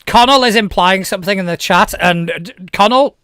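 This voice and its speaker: A man's voice: high-pitched, fairly quick, a bit bright. A man with a Northern English accent, chatting on a podcast with playful, teasing banter. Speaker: co-host. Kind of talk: casual podcast chat.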